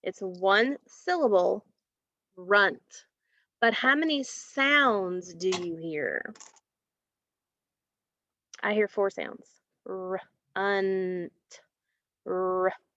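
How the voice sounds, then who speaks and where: A woman teaching a phonics lesson, slowly stretching out and repeating sounds and words, and praising her students. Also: mid-range voice, very animated, bright, forceful tone, dry recording. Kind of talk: slow, clearly enunciated phonics lesson. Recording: dry, dull lo-fi recording.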